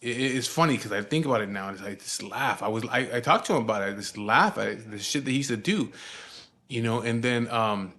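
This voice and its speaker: A man's voice: mid-range voice, a little fast, a bit bright. A man in his forties from Southern California, telling a story casually with a lot of swearing and fillers. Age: 40s. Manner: laid-back and profane, with frequent fillers.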